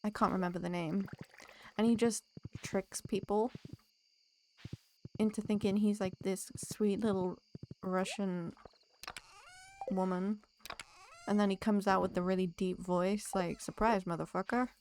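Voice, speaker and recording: A woman's voice: medium pitch, flat delivery, measured pace, long pauses, a little mellow, a little hiss or hum. A woman streamer chatting casually with her live viewers while she plays, teasing them back in a playful way and laughing often.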